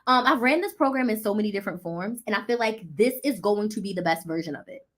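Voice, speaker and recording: A woman business coach chatting casually on a live stream, excitable, animated and full of slang. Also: medium pitch, fast.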